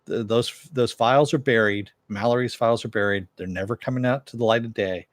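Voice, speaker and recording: A man's voice: medium pitch, a little fast, no echo, natural voice. A man voicing a curt female government official who brushes someone off with sarcasm. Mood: dismissive. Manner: brusque, sarcastic.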